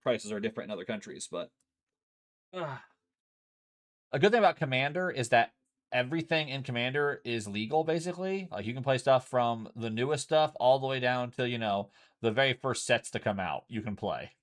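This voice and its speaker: A man streams from home, casually chatting and explaining a card game in a mid-range, expressive voice at a brisk pace. He keeps it loose and chatty and swears freely as he plays.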